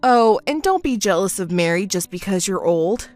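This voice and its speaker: A woman's voice: mid-range voice, lively intonation, moderate pace, a little mellow, no room sound, soft background music, close to an everyday voice. A woman voicing a smug, crude, cheating husband in a text-story voice-over, speaking dismissively.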